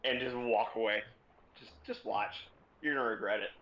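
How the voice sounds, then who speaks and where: A young man streaming, telling a story in a casual, sarcastic and profane way, speeding up in quick bursts. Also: medium pitch, sharp tone, highs cut off, slight background noise.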